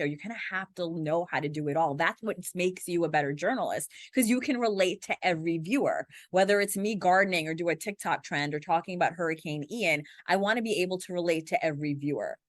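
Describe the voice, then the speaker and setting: A woman in her forties, a TV journalist, talking fast and animated in an interview, acting out little scenes as she goes. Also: lowish voice, no room sound, studio quality. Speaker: TV journalist and guest. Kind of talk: conversational interview.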